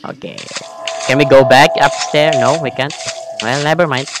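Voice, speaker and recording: A man giving jokey, excitable, self-mocking commentary while playing a horror game. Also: mid-range voice, normal speed, very noisy. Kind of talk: casual gameplay commentary. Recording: loud game music behind.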